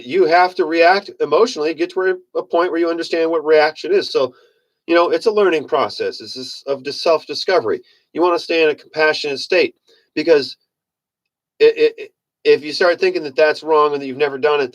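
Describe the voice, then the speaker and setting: A man's voice: on the high side, expressive, a little fast. A man giving a casual motivational monologue in a rambling, folksy manner, often correcting himself. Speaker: self-help speaker.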